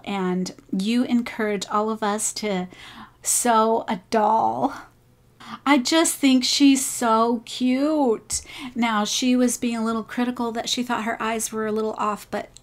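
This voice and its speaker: Woman, crochet vlogger, gushing praise, unhurried speech, slightly high voice. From United States. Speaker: crochet channel host. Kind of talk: casual showcase of viewer crafts.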